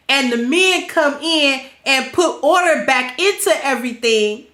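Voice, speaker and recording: A woman with a stuffy, congested voice gives blunt, preachy livestream commentary in a loose, colloquial way. Her voice sits high, and the recording has a noticeable roomy echo. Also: expressive, slow, a bit bright. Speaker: livestream host.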